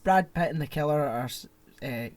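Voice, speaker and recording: A man co-hosting a podcast, chatting casually and retelling a film plot in an animated, rambling way. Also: fairly high pitch, moderate pace. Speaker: podcast co-host. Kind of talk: casual chat.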